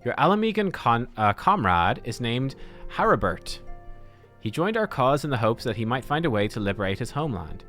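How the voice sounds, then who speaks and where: Man doing earnest formal male scholar, measured old-fashioned phrasing, lively pitch, game dialogue read aloud. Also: faint music behind.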